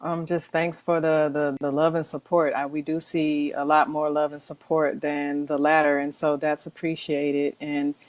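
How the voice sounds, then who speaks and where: A woman appearing as a guest audio expert, speaking in a measured way with frequent pauses. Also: sits low, level tone, dry recording. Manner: measured, with hesitations and fillers. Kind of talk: interview.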